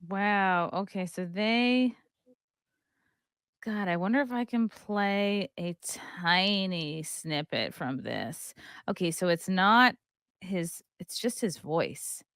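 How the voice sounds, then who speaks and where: A woman with a fairly low voice hosts a casual podcast. She talks candidly, reading quotes aloud and then riffing. The sound is dry with no room echo. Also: animated, slow, a bit bright, smooth. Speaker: podcast host.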